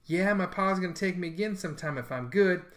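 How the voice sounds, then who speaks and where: An eager, bragging young schoolboy, as a male reader plays him, with a slightly raised voice. He wheedles and boasts in a lively storybook reading. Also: high voice, brisk, pitched above the performer's own voice.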